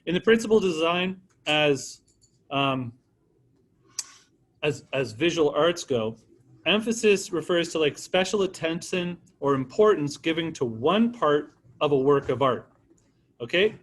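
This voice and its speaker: A man with a slightly raised pitch leads an art lesson. He talks to the class in a loose, encouraging way and calls on students by name. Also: animated, unhurried. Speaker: art teacher. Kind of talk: classroom teaching.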